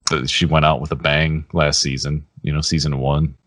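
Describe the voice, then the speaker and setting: A man co-hosting a podcast in casual chat, relaxed and laughing often, with sentences that trail off. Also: a bass voice, normal speed, no room sound, clean studio sound. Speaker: podcast co-host.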